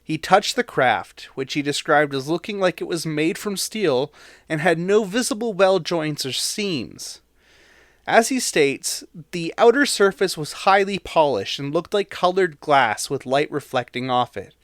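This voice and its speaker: A man's voice: on the high side, expressive, a little slow, fairly bright tone, no echo, clean studio sound. A man co-hosting a podcast, recounting a story in a chatty way with fillers and reading quotes aloud. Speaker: podcast co-host.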